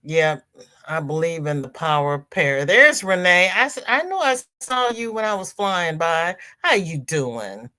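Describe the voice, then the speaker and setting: Slow-talking, effusive woman host. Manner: effusive and affectionate, calls viewers girl and honey; laughs often, voice swings high when excited. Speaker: livestream host of a crochet show. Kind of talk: casual livestream chat, reading viewer comments.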